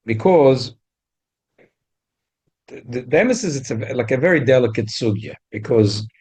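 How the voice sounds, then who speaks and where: This Talmud teacher has a mid-range, expressive voice with a darkish, slightly rough tone and a moderate pace. His delivery is full of stumbling restarts broken by abrupt, rising bursts of emphasis.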